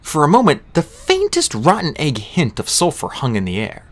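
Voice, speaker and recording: A man reading a fantasy novel aloud as an audiobook narrator, with an expressive delivery. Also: fairly high pitch, moderate pace.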